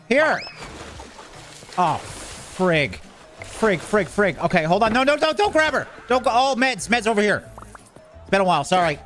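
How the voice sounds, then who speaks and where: A man's voice: medium pitch, a bit bright. A man giving casual, joking commentary while playing a game, often exasperated and talking to the game's characters. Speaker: gaming video creator.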